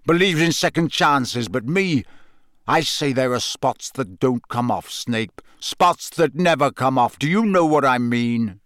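A man voicing a gruff, menacing old male auror who speaks slowly with a growl. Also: mid-range voice, lively intonation, fairly bright tone, no room sound, studio quality.

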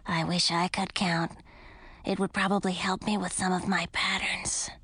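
A woman voicing a tiny, sad spider in a breathy whisper. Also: on the low side, fairly even intonation, takes it slowly, dry recording, exaggerated voice.

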